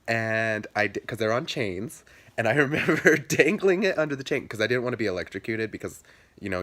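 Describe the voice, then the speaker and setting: A young man vlogging a childhood story in casual chat, animated, jumping into squeaky high voices for quotes and dropping low for asides.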